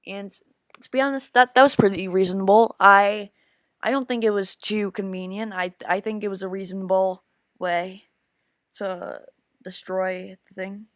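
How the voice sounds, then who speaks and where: A woman giving a casual film review, rambling and excitable, with frequent restarts, calling her viewers "guys". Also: medium pitch, no room sound, clean studio sound. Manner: rambling, halting with many restarts.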